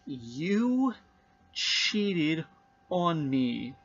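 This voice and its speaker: A man's voice: on the high side, big pitch swings, drawn-out words, highs cut off, heavily acted. A man voicing a jealous male film director in a melodramatic comedy sketch, accusing and dramatic. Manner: melodramatic, accusing, rising to shouts.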